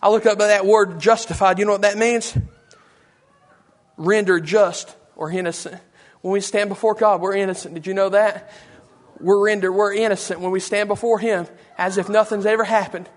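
Man preaching, very high voice, fervent and repetitive. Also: fairly even intonation, moderate pace. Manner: impassioned, repetitive, emotional preaching. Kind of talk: fervent sermon.

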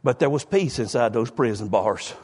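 A male pastor preaching a sermon, swinging from low, quiet talk to loud shouting and often saying "bless God.". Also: expressive, moderate pace, slightly rough. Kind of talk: fiery Southern-style sermon.

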